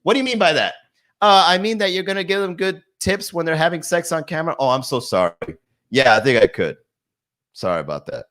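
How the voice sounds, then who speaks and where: A man's voice: on the high side, expressive, fairly quick, a bit bright. A young adult man doing comedy on a live stream from his garage, riffing loosely and laughing at his own jokes. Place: home garage.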